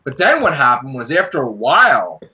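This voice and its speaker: A man hosting a casual group podcast, ranting animatedly and acting out quotes. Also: fairly quick. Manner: animated, ranting, acts out quotes in a high shouty voice. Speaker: podcast host.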